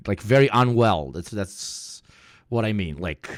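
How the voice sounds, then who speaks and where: A man's voice: fairly low pitch, lively intonation, unhurried, no echo, studio quality. A man casually reacting on a live stream, crude and loose, often laughing.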